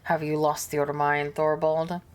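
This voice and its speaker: A woman's voice: low voice, little pitch movement, a little slow, smooth. A woman voicing a proud, brooding male space wolf warrior, reading game dialogue aloud with growling menace. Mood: scornful.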